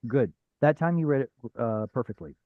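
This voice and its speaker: A man's voice: mid-range voice, expressive, normal speed, narrow, tinny audio. A man teaching a Hebrew reading class over a video call, patient and step by step, with frequent fillers. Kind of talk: live online class teaching.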